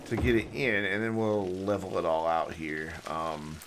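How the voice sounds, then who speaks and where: A man's voice: sits low, level tone, normal speed, background noise. A man streaming a city-building game, chatting casually and thinking aloud as he plays, his sentences rambling and trailing off. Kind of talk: casual live gameplay commentary.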